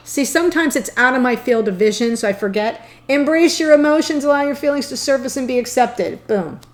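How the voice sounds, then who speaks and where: A woman's voice: high-pitched, animated, normal speed. A woman doing a tarot reading to camera, playful and chatty, often breaking into giggles. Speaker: tarot reader.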